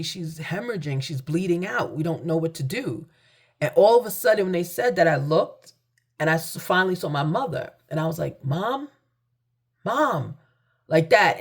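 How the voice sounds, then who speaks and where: Earnest woman telling a personal story. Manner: earnest, emphatic, repeats phrases; acts out quoted voices in sudden high pitch. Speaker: spiritual tarot reader.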